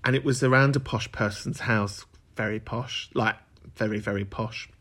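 A man's voice: lowish voice, fairly even intonation, normal speed, fairly bright tone. A man hosting a podcast, chatting and joking in a camp, chatty way, with big laughs. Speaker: podcast host. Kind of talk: casual chat.

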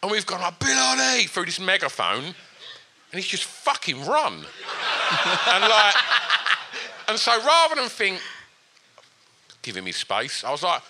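A man's voice: high voice, a little slow, pauses often, noisy background. A man, co-hosting a podcast recorded live in front of an audience, telling stories with lots of swearing and laughter. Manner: animated, sweary, laughing storyteller. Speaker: podcast co-host.

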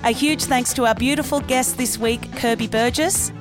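Upbeat lady podcast host, higher voice, gushes a lot, music playing under her. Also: steady tone, moderate pace. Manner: enthusiastic, gushing praise. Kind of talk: podcast interview and outro.

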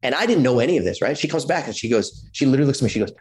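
A man in his forties from California, telling his personal story as a podcast guest in an animated way, acting out quotes and using lots of fillers. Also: medium pitch, rapid-fire, husky. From California, USA. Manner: animated storyteller who acts out quotes, many "like" and "you know" fillers.

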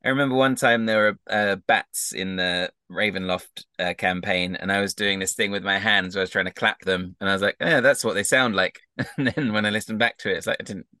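A man's voice: on the low side, fairly even intonation, brisk, bright, forceful tone, clear, resonant tone, no room sound, studio quality. A man narrating as a game master, chuckling often and hesitating with ums.

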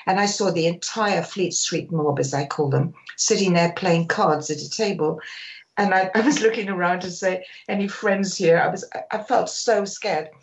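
An older woman, a sports photographer, telling animated stories in a radio interview and acting out quotes. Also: fairly low pitch, normal speed, low-quality recording. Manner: animated storyteller, acts out quotes.

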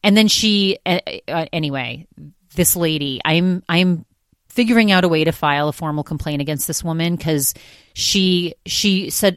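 A woman's voice: lowish voice, normal speed, dry recording, studio quality. A woman hosting her own podcast, talking in a rambling, exasperated way full of fillers. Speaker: podcast host. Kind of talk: casual solo podcast monologue.

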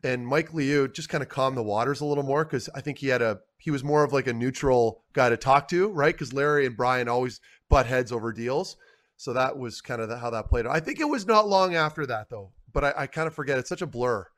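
A man's voice: medium pitch, fairly quick. A man co-hosting a casual sports talk show, telling a long story in a rambling way that keeps trailing off. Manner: rambling, self-correcting, trailing off quietly. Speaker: co-host, former hockey player.

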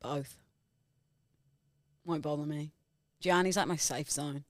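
A woman's voice: low voice, steady tone, takes it slowly, dry recording, clean studio sound. A woman co-hosting a podcast, playful and laid-back in casual comedy banter. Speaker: podcast co-host.

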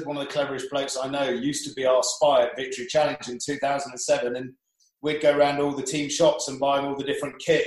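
A man's voice: mid-range voice, reverberant, rough recording. A man, a professional sailor, telling rambling anecdotes in casual chat, with frequent restarts.

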